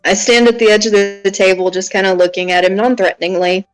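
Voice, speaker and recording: A man player describing his character's actions in a relaxed way. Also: high voice, quick pace, clear, resonant tone, soft background music, rough recording.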